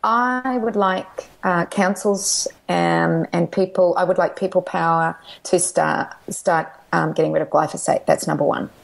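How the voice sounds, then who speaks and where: Speaking with a lowish, creaky voice in a steady, unhurried tone and barely pausing, this middle-aged documentary filmmaker is being interviewed informally. Her storytelling is enthusiastic and meandering, full of restarted sentences.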